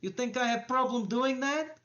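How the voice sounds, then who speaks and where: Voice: medium pitch, moderate pace, fairly bright tone, lo-fi sound, pitched above the performer's own voice, lightly acted. The game master voicing a menacing crime boss who speaks broken English and drops small words.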